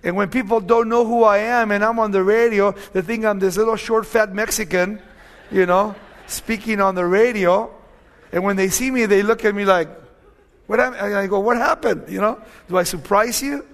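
A man's voice: high-pitched, fairly even intonation, moderate pace, fairly bright tone. Older man preaching with an accent. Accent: Spanish-accented English. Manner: conversational preaching, rising to emphatic questions. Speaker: pastor. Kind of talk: sermon.

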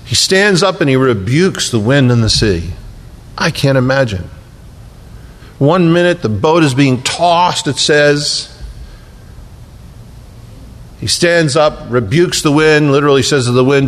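A man's voice: medium pitch, expressive, a little slow. A man preaching a sermon as pastor, telling the story with humor and acting out the voices of the people in it.

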